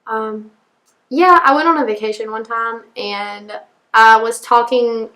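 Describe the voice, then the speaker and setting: A young woman telling a story in a giggly, animated way. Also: fairly high pitch, unhurried.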